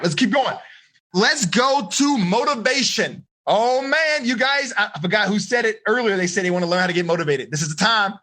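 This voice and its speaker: Life coach, male, husky, animated delivery; slangy and upbeat with teen students in a live online seminar. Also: high-pitched. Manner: energetic, slangy, talks straight to the kids.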